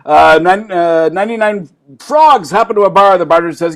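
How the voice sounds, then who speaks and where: A playful, excitable man performing improv jokes on a video call. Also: high-pitched, a little fast. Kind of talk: live online improv show.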